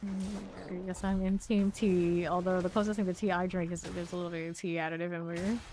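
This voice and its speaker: A woman's voice: fairly low pitch, little pitch movement, fairly quick, darkish tone, soft background music. Young woman gaming stream, just chatting with chat, easygoing, laughs a lot, trails off mid-sentence. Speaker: game streamer. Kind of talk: casual live-stream chat while playing.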